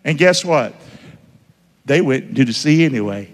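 Lively preacher in a reverberant hall. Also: male voice, medium pitch, measured pace. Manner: lively, conversational preaching with call-and-response questions. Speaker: pastor. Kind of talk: sermon. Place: church.

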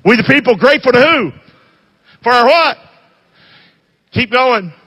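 A man preaching a sermon, throwing emphatic drawn-out questions at the congregation for them to answer. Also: very high-pitched, lively intonation, a bit bright. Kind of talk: sermon with call-and-response questions. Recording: long hall reverb.

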